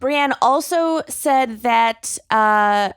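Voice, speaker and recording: A woman's voice: on the high side, smooth, no echo, clean studio sound. A woman in her thirties co-hosting a casual podcast chat, tired and laughing often. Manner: laughs often, slow and loose. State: tired, early morning. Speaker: podcast co-host.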